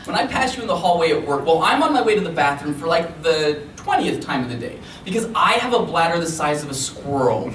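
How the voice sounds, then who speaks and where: A man with a fairly high voice performs slam poetry with an expressive, rhythmic delivery, slipping into chatty asides between pieces. He is picked up from a distance in an echoey room, with a faint hum of background noise underneath. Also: fairly quick, hardly any pauses. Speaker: poet. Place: library event room. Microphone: recorded from a distance.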